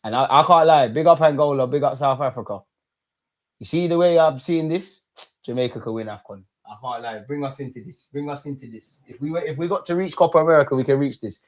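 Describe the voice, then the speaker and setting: A young man hosting a live football watch-along, talking in slang, animated and prone to bursts of excitement. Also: a little high, fast talker.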